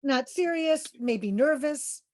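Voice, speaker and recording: Bright-voiced woman coaching interview skills. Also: sits high, expressive, slow pace. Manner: demonstrates voice tones, upbeat and encouraging. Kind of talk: workshop teaching with questions to participants.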